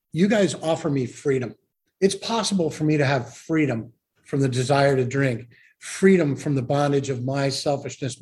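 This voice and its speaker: Man, somewhat high voice, earnest, self-deprecating, meeting share. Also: darkish tone. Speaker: recovery meeting speaker. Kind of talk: sharing at a meeting.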